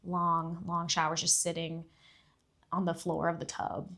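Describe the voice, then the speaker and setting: A young woman telling a story in casual chat, rambling with many fillers, sometimes dropping to a hush and then getting loud. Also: lowish voice, completely flat delivery, a little slow. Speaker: podcast guest.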